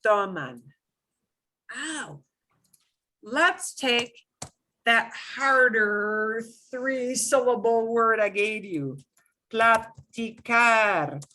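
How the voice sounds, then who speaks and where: A woman's voice: fairly high pitch, very slow, pushed and bright. A middle-aged woman teaching a language lesson, explaining patiently with lots of repetition and emphatic examples. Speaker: Spanish teacher.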